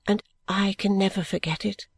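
Male reader doing a gentle young woman, soft, earnest, fairly high voice, dry sound. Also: steady tone, normal speed, creaky, husky, no echo, exaggerated voice. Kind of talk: audiobook reading of a classic novel.

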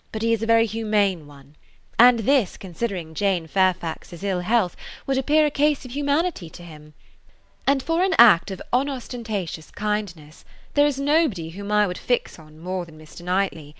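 A woman reading as a lively, headstrong young woman who talks emphatically and exclaims often. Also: mid-range voice, normal speed, dry recording. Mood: warm praise. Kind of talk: audiobook character reading.

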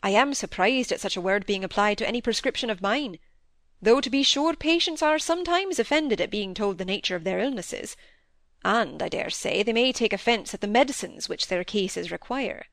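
A woman's voice: mid-range voice, lively intonation, moderate pace, a bit bright, dry recording. A woman reading aloud as a dry-witted, stern middle-aged male country doctor in a storybook. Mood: wry. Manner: wry, then sternly lecturing.

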